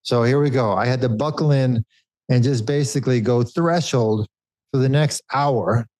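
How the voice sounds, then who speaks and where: A middle-aged man tells a race story on a casual podcast. He talks in quick bursts and cuts himself off mid-thought, and his pitch sits in the middle. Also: rough recording. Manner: animated anecdote with quick bursts and self-interruptions. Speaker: podcast co-host, former pro cyclist.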